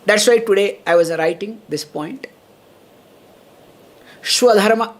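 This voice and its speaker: A woman's voice: mid-range voice, slow. A woman teaching Vedanta as a swami, often checking in with her listeners and laughing between points. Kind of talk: spiritual lecture.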